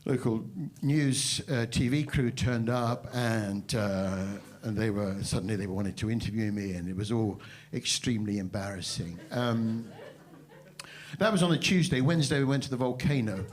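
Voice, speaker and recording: Rambling, mock-serious male comedian. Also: lowish voice. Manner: rambling, halting delivery full of fillers and restarts; mock-serious, self-deprecating. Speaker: stand-up comedian. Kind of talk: live stand-up storytelling with crowd banter. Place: live venue stage before an audience.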